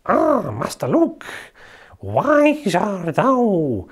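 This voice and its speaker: A man with a Scottish accent voicing a wise little old alien master in a slow, high, halting way. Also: huge pitch swings, breathy edge, heavily acted. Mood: sage.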